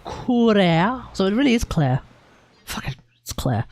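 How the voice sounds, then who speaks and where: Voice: mid-range voice, very animated, normal speed, darkish tone, no echo. Rambling young Australian streamer. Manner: rambling, swears freely, restarts sentences. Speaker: game streamer. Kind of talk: casual live-stream chat.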